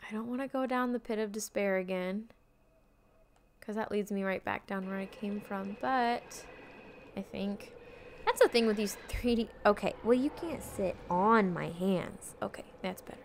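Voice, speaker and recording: A woman's voice: mid-range voice, normal speed, slight background noise. A woman giving casual, chatty let's-play commentary while streaming a game, exclaiming and joking at herself. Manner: chatty, exclaiming, self-deprecating.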